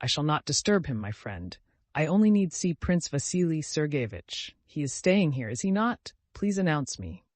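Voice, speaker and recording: A man's voice: a little high, big pitch swings, normal speed, no echo. A man voicing an imploring noblewoman mother. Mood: pleading. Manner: imploring, gently insistent. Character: pleading widowed noblewoman, middle-aged mother.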